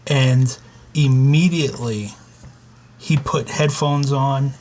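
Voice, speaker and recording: A man on a podcast talks in an easy, middle-pitched voice. His speech stops and restarts often, with a faint hiss of noise behind him. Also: fairly even intonation, darkish tone. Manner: halting, with restarts and "you know". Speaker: podcast co-host. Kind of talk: casual chat.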